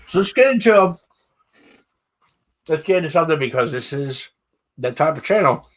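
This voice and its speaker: A man's voice: fairly high pitch, lively intonation, moderate pace. A man hosting a casual interview, chiming in with short agreements and curious questions. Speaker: host.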